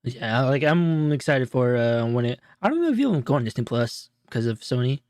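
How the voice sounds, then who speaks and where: A man co-hosting a show, casually breaking down a movie in a rambling, animated retelling full of fillers. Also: medium pitch, moderate pace, dry recording, studio quality. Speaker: show co-host.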